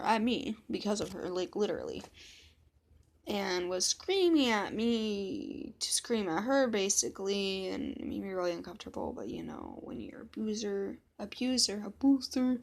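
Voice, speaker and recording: A woman's voice: mid-range voice, moderate pace, creaky. A woman telling a personal story in a casual vlog, blunt and swearing freely as she quotes others. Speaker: vlogger.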